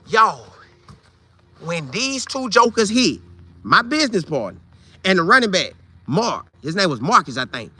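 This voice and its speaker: A man telling a funny old football story casually, with loud sound effects and vivid retelling. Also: high voice, big pitch swings, normal speed, breathy edge. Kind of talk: animated storytelling.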